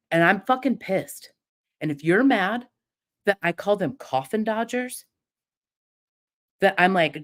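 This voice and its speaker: A middle-aged woman ranting through a livestream, swearing freely and defiant. Now and then she mocks her critics in sneering imitations. Her voice sits slightly low for a woman. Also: lively intonation, a little slow, pauses often. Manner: profane, defiant, mocking imitations. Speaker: livestream host. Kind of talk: heated livestream rant.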